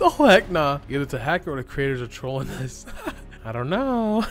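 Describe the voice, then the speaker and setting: A young man giving excitable commentary over his gameplay, laughing and yelping often. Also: mid-range voice, moderate pace. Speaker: gaming YouTuber.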